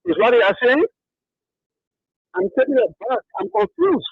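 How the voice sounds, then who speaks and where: A hesitant Liberian pastor calls in to a radio show and stumbles through his point with many fillers. His voice is high and husky. It comes through a thin, tinny phone line. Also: sing-song, moderate pace, dry recording. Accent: Liberian English. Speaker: pastor calling in. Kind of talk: call-in radio opinion.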